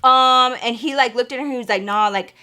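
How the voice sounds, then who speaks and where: A young woman casually telling a spooky personal story to her viewers, animated and acting out the voices of the people in it. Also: on the high side, rapid-fire. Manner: animated, acts out quoted voices, addresses viewers as y'all. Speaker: storytime vlogger.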